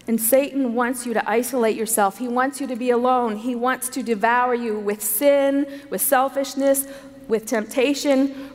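Woman, sermon, earnest storytelling, emphatic repeats, somewhat high voice, long hall reverb. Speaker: conference speaker. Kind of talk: sermon to a women's conference. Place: large conference hall.

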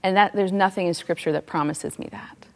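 Middle-aged woman sharing a faith story, heartfelt, goes soft and hushed sometimes, long hall echo. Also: on the low side, brisk. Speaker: Christian author and speaker. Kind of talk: personal faith talk.

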